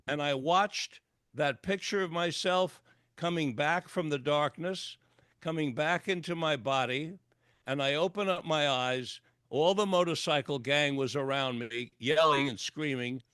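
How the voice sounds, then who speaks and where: An older man tells a long personal story as a radio guest, throwing himself into each quoted line. His voice sits a little high for a man. The sound is dry and close, with no room around it. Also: pushed and bright, clear, resonant tone, dry recording. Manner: vivid storyteller acting out dialogue. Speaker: guest, clinical psychologist and author. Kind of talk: storytelling interview. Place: radio interview.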